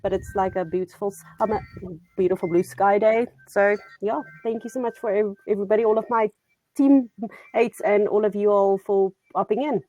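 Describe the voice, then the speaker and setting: A woman from South Africa with a South African accent, introducing herself in a warm, grateful way on a video call. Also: mid-range voice, steady tone, moderate pace. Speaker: marketing lead. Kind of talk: casual self-introduction.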